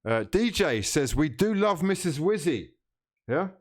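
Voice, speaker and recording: A man's voice: fairly high pitch, very animated, unhurried. A man hosting a live football watchalong stream, reading out chat comments, teasing viewers and laughing often.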